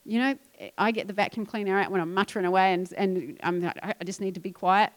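A woman pastor preaching a sermon, emphatic and animated, dropping into quiet asides. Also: medium pitch, a little fast.

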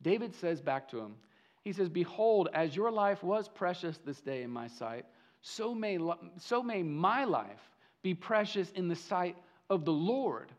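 High-voiced man preaching with animated storytelling. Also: a little slow. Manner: animated storytelling, acting out the figures' lines; repeats words and restarts sentences. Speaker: pastor. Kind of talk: sermon.

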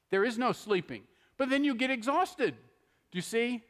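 Preacher, middle-aged man, high tenor voice, chatty sermon style, handheld mic, long church reverb. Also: moderate pace, a bit bright. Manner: conversational preaching with frequent "okay?" asides. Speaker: pastor. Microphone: handheld microphone.

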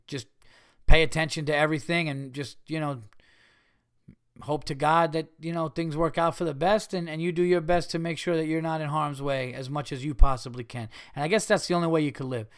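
A middle-aged male comedian hosting a podcast, delivering a profane ranting monologue that swings from yelling to calmer musing. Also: fairly high pitch, smooth.

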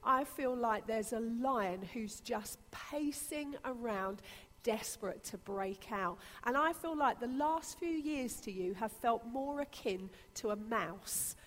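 A woman's voice: fairly high pitch, takes it slowly, a bit bright. A woman pastor preaching a sermon with earnest, repetitive emphasis. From Britain. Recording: long reverb of a church hall.

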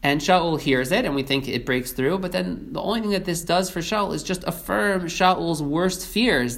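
A man's voice: fairly high pitch, normal speed, vocal fry, few pauses, a bit bright. Earnest man teaching a Bible lesson. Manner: earnest, thoughtful, many restarts and fillers. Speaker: Torah teacher.

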